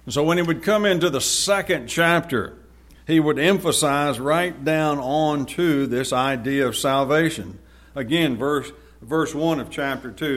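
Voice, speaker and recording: Male preacher, slightly high voice, sermon delivery, reads verses forcefully then explains plainly. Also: unhurried. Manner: reads scripture aloud with rising force, then explains it conversationally.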